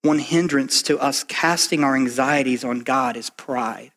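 A man preaching a sermon in a quick, conversational way, full of asides and "right?". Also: mid-range voice, a bit bright. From Kentucky. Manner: conversational, fast, lots of "like" and "right?". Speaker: pastor.

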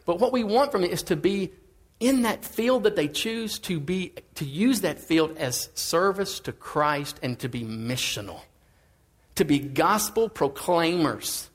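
A man preaching a sermon in a casual, conversational way, swinging between emphatic and quiet lines. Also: high voice.

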